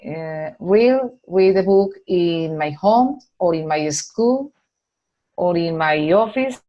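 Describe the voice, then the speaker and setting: A woman's voice: fairly low pitch, slow pace, highs cut off. A woman, an adult student answering in English, hesitant and searching for words.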